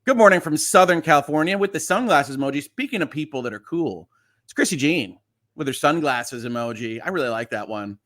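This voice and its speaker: A man's voice: fairly high pitch, expressive, a little fast, fairly bright tone. A middle-aged man hosting a casual livestream, chatting and reassuring viewers while reading their comments, often laughing. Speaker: host.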